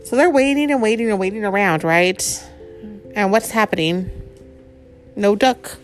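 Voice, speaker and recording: A woman's voice: mid-range voice, normal speed, faint music behind. A woman reading a picture book aloud to a child, with chatty asides about the pictures.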